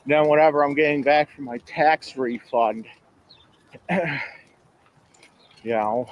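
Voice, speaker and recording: Male cyclist, slow drawl, slightly higher voice, faint traffic noise behind. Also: lo-fi sound. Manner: slow, halting, clears throat often. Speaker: cyclist filming himself. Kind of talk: casual chat while riding. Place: outdoors on a city street, riding a bike.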